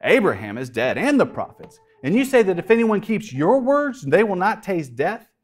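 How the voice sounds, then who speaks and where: A pastor voicing a scornful crowd of ancient religious men, incredulous and mocking. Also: male voice, sits high, big pitch swings, moderate pace, voice pushed up. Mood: indignant. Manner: incredulous, mocking, rising to shouts.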